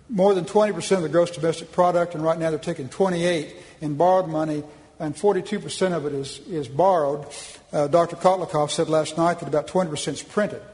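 A man's voice: fairly high pitch, darkish tone, big-room sound, low-quality recording. A man from Oklahoma giving a public speech with slides at a policy conference, folksy and emphatic, often restarting his sentences.

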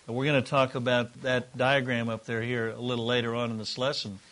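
A man's voice: medium pitch, little pitch movement, a little fast, fairly bright tone. A middle-aged man teaching a relationship course to a group in a room, earnest and conversational, sometimes acting out sample dialogue. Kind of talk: teaching a class to a live group.

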